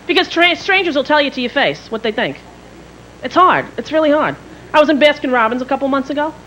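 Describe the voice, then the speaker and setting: A woman's voice: high voice, expressive, fast, fairly bright tone, dull audio. A woman performing stand-up comedy in a brash, profane, self-mocking way before a live audience. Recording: live stage with crowd laughter and noise.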